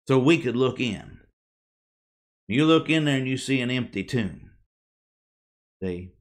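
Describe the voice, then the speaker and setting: A man preaching a sermon to a congregation, emphatic, with dramatic pauses, rhetorical questions and phrases that fall away at the end. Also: medium pitch, fairly bright tone.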